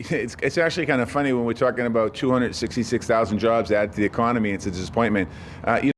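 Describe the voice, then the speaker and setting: A man with a Massachusetts accent answering questions as a government official in a TV news interview, talking fast with many restarts. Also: medium pitch, a little hiss or hum.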